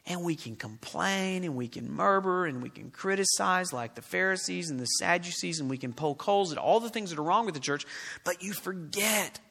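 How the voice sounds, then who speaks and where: A man's voice: high-pitched, expressive, normal speed, creaky, pushed and bright, breathy edge. A male pastor preaching a sermon to his congregation, reading scripture aloud and putting questions to the listeners. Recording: long reverb of a large hall.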